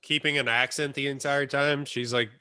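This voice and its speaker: A man's voice: medium pitch, level tone, normal speed, sharp tone, smooth, no room sound. A man co-hosting a podcast in casual chat, laughing often and acting out quotes. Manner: laughs a lot, acts out quotes. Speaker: podcast co-host.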